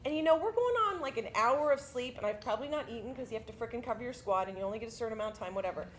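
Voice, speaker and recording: Animated, profane woman veteran telling a story. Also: on the high side, racing, a little hiss or hum. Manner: casual, profane storytelling with lively swings. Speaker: army veteran recounting basic training. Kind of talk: spoken monologue performance. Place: theatre stage.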